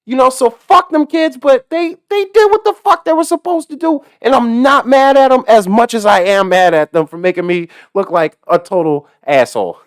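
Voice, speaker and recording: A man, a delivery driver, telling a story about his day as a profane, animated rant full of swearing and laughter. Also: very high voice, normal speed, few pauses, no room sound, clean studio sound.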